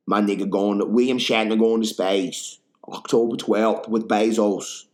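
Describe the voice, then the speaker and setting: A man's voice: fairly low pitch, fairly even intonation, measured pace, darkish tone. A man hosting a podcast in casual chat, rambling, profane and full of slang. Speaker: podcast host.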